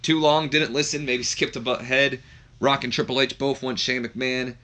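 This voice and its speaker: A man's voice: mid-range voice, fairly even intonation, normal speed, sharp tone. A man hosting a gaming video, recapping a match in a rambling way full of fillers. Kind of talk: casual game commentary.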